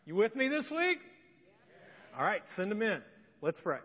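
A man with a high voice preaches in a relaxed, chatty way, tossing in jokes between instructions. The sound is dull and lo-fi, with a long reverb tail from a large church hall. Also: moderate pace, slightly rough. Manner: joking, chatty, upbeat. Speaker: pastor. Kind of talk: conversational sermon. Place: church sanctuary.

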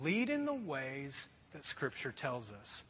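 A middle-aged man preaching a sermon as a pastor, telling a self-deprecating story in an animated way. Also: medium pitch, a little slow, breathy edge. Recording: dull sound with long hall reverb.

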